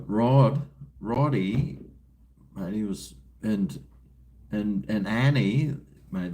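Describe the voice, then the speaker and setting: Aussie guy rambling slow on his livestream over a beer, laid-back and a bit crude. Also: fairly low pitch, a little mellow. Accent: Australian. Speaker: livestream host. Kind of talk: casual livestream chat while drinking.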